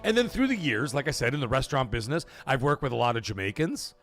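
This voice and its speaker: A middle-aged man hosting a livestream in casual chat, animated and swearing, loudly thanking donors. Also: mid-range voice, quick pace, soft background music. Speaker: livestream host.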